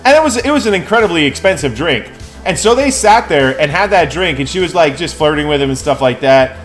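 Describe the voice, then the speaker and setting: Loud sweary guy streaming a game, voice sits a bit high, little music going behind him. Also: lively intonation, brisk. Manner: rowdy, profane storytelling with laughs. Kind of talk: casual live-stream chat.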